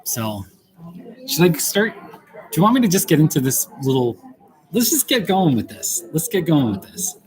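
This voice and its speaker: A man's voice: on the high side, very animated, moderate pace, faint music behind. A man hosting a casual livestream from a busy coffee shop, chatty and playful as he reads questions aloud. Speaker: livestream host. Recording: noisy coffee shop crowd. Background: loud crowd chatter.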